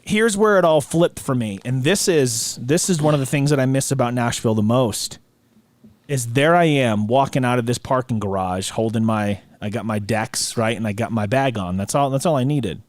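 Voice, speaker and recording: A man hosting a podcast, telling a story in a relaxed, slangy way full of dude and bro. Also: medium pitch, normal speed, no echo. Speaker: podcast host. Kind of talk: casual storytelling chat.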